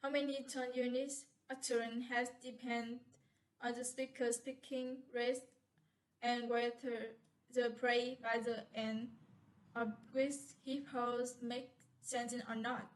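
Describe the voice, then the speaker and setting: A woman student reads her class presentation aloud in a slow, halting way. Her voice sits a little high and stays flat. She stumbles and restarts often. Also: rough recording.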